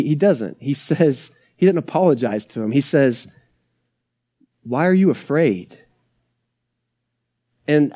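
Guy pastor preaching casual, mellow voice, acts out little quotes. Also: fairly high pitch. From Texas. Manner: conversational preaching with acted-out quotes and asides. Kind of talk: sermon. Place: church sanctuary.

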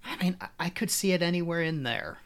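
Male co-host, laid-back chat, gravelly mid voice. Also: on the high side, fast talker. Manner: relaxed, laughs along, short agreements. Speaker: podcast co-host. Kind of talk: casual chat.

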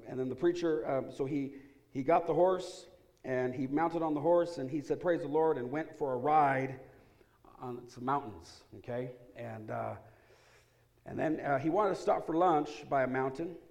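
A man pastor preaching to his congregation in a church sanctuary. His voice sits at an ordinary middle pitch. He drops to a soft, earnest hush in prayer, then jumps up loud and excited when he tells funny stories. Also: measured pace. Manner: energetic, humorous, swings from hushed prayer to loud excitement. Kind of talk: sermon.

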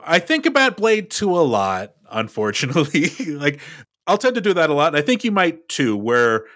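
A man's voice: mid-range voice, a bit bright, dry recording, clean studio sound. A man co-hosting a movie podcast, musing thoughtfully in casual chat. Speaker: podcast co-host.

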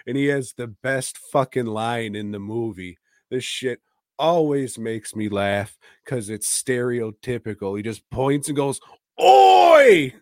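A podcast co-host chats casually about movies, rambling and profane, chuckling between points. He speaks at a measured pace in a medium-pitched voice, recorded dry and studio quality.

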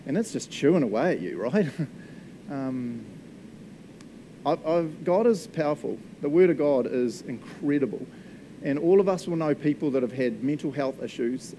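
A man's voice: medium pitch, dark tone, slight background noise. A man preaching a casual, jokey sermon as pastor, laughing often and checking in with the congregation. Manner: chatty, jokey, laughs often, asks the room "eh?".

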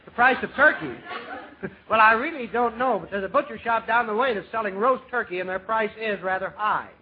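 An actor playing a joking small-town pharmacist in 1940s radio comedy. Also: male voice, sits high, close to an everyday voice. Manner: joking, quick punchlines. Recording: tinny 1940s radio recording with hiss.

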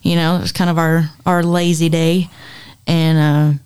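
A woman, co-hosting a podcast and recounting a story in casual chat. She often doubles back on her words as she talks. Her voice sits low for a woman. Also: flat delivery, moderate pace, darkish tone, smooth. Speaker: podcast co-host.

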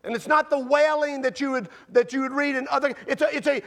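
A man preaching a sermon with a very high, gravelly voice. He talks conversationally and keeps asking his congregation questions. He builds to shouts and then sinks to quiet, hushed stretches. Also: fast, few pauses. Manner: animated, shouting peaks then dropping low and quiet. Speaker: pastor.

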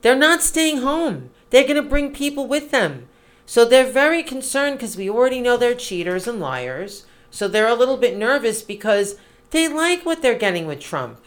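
A middle-aged woman co-hosting a podcast, talking in an animated, emphatic, casual way. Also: a little high. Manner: animated, emphatic, quick asides. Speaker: podcast co-host. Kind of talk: casual political chat.

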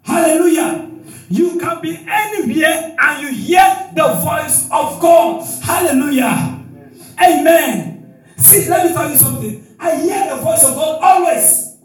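A male preacher delivering a sermon in call-and-response style, with shouted exclamations and frequent hallelujahs. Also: very high-pitched, unhurried. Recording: echoey hall, distant mic, faint music.

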